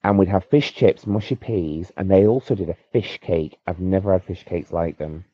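A man with a very deep voice rambles jokily about whatever comes to mind. He is recording a voice note on his phone from his bed. The sound is dull and lo-fi, and very dry. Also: moderate pace, warm tone, breathy edge, no room sound. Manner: chatty, rambling, jokey. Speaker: listener sending a voice note. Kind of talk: casual voice note. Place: in bed at home.

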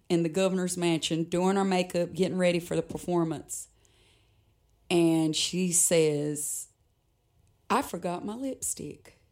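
A woman with a fairly low speaking voice recounts a memory from her performing career. She talks in a reflective, conversational way and breaks into light laughter now and then. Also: a little mellow. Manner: reflective, laughs often between sentences. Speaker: guest performer, musician. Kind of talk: personal storytelling in conversation.

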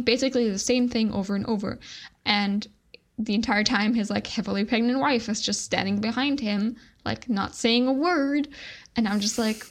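A young adult woman co-hosts a podcast, telling a story in casual, chatty conversation and filling her speech with "like." Her voice is mid-range and her pace is normal.

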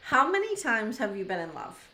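A woman's voice: on the high side, big pitch swings, normal speed, pushed and bright. A woman co-hosting a podcast, giving opinionated, sympathetic commentary in casual chat. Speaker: podcast co-host.

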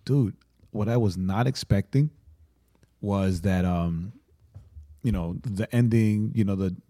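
A man co-hosting a podcast in casual chat, an excitable storyteller who fills his talk with "like" and "right?". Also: on the low side, takes it slowly. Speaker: podcast co-host.

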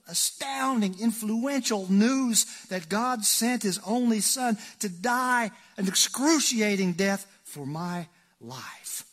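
A man preaching a sermon as pastor, folksy and joking, swinging between loud emphasis and hushed asides. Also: high voice, slightly rough.

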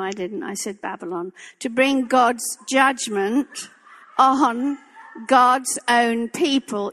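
A woman's voice: sits high, long reverb tail. An older woman preaching a sermon in a church, impassioned and emphatic, repeating her phrases for weight.

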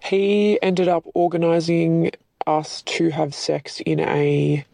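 A woman sharing a secret as a listener in a voice message, hesitant with many pauses. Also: deep voice, vocal fry, mellow, no echo, low-quality recording.

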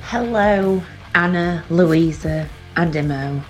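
A woman's voice: lowish voice, slow, soft background music. A woman venting angrily in a voice note sent to a podcast, swearing as she goes. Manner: angry, swearing rant. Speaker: listener sending a voice note. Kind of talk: recorded rant.

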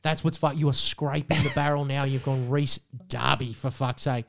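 A man's voice: mid-range voice, fairly even intonation, moderate pace, creaky. A young Australian man co-hosting a podcast, ranting in mock outrage with constant swearing. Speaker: podcast co-host. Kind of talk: casual podcast banter.

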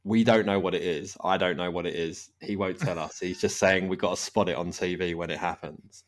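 Low-voiced man hosting a casual football podcast. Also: fairly even intonation, a little fast. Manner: rambling, laughs often. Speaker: podcast host. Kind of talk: casual chat.

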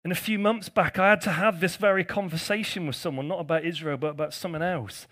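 Man, pastor, high voice, chatty sermon, teasing the congregation. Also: fairly even intonation, fast talker, a bit bright. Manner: conversational, jokey asides to the congregation.

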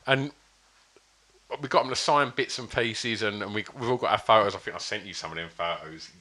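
Man, low pitch, bright tone, rambling casual storyteller. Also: a little fast. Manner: rambling anecdotal storyteller with many fillers and restarts. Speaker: podcast guest. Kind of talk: casual chat.

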